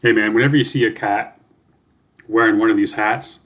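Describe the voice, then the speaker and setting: A man's voice: lowish voice, steady tone, brisk, a bit bright. A Canadian man hosting a music reaction video, talking casually, swearing freely and thinking aloud with lots of fillers.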